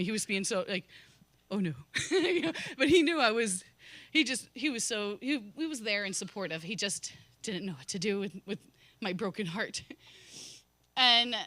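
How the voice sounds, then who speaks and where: Bright-voiced woman giving an emotional testimony. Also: on the high side, dry recording. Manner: emotional storytelling, laughing often and acting out what she said. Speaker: church member giving a testimony. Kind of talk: personal testimony at a church service.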